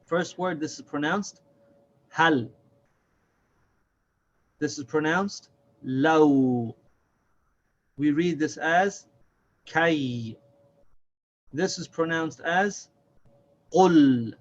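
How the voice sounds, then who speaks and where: A man's voice: fairly high pitch, takes it slowly, highs cut off. A man teaching a reading lesson step by step, patiently sounding out and repeating each syllable.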